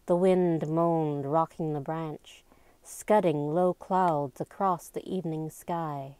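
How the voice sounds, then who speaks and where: A woman reading a novel aloud in a slow, even and deliberate storybook narration. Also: sits low, clean tone, dry recording. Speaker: amateur reader.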